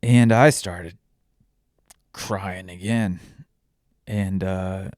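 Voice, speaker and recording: A father telling a painful personal story while tearful, halting often and restarting his sentences. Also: low-pitched, steady tone, darkish tone, no echo, studio quality. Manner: halting, with many restarts and pauses. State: tearful, voice breaking. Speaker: vlogger sharing a personal story.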